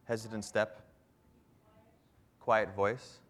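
A man with a slightly low voice leads a public speaking workshop in front of a live audience. He talks in an animated coaching manner and breaks off now and then to demonstrate. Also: takes it slowly. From Canada.

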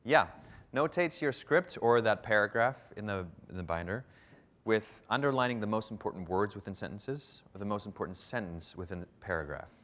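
A man's voice: fairly low pitch, expressive, brisk, a bit bright. A man leading a public speaking workshop for a live group, talking emphatically and shifting his pace to stress points.

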